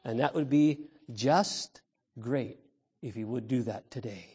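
A man's voice: mid-range voice, unhurried, dark tone, slightly rough. A male pastor preaching a Sunday sermon to the children, emphatic and storytelling, calling out to the congregation. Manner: storytelling, imitates baby cries.

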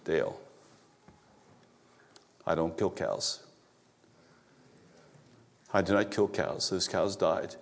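God speaking gently, lowered voice, soft, slow, comforting, repetitive, as a preacher recounts him. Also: male voice, gravelly, exaggerated voice. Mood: gentle, sorrowful. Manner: soft, low and slow, repeating plain statements.

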